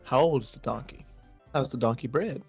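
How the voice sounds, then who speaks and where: A man hosting a let's play, reading the game's narration aloud in a drawn-out way between casual comments. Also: medium pitch, gravelly, darkish tone, soft background music. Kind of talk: reading game text aloud and chatting.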